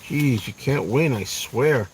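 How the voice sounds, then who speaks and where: A man of middle pitch chats aimlessly from inside his car, drifting between thoughts. Faint insect and cricket sounds sit low in the background. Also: slow pace, a little mellow, a little hiss or hum. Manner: rambling, talks to himself and viewers. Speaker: vlogger. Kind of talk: casual chat.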